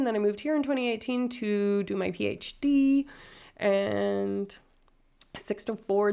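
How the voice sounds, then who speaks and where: A woman's voice: medium pitch, gravelly, a little mellow. A woman in her thirties, casually chatting with viewers on a livestream and wandering off on tangents with self-deprecating asides. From far north Alberta, Canada. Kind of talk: casual chat reading viewer comments.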